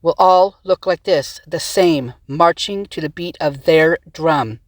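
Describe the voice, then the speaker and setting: A woman's voice: sits low, slow, dry recording. Impassioned woman ranting into her tablet. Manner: heated, rhetorical questions to viewers. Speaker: vlog host. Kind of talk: impassioned commentary rant. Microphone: tablet microphone, close to screen.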